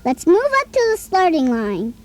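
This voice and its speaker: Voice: extremely high pitch, huge pitch swings, moderate pace, exaggerated voice. An actor voicing a cheerful boy talking toy who chats with a child on a scripted play-along tape, chirpy and coaxing and always asking the listener questions.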